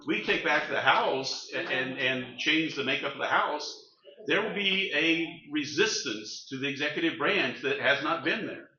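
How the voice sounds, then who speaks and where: A man's voice: fairly high pitch, animated, a little slow, bright, forceful tone, slight background noise. An older man speaking earnestly as a panelist at a community event, rallying the room. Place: meeting room. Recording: roomy, dull event recording.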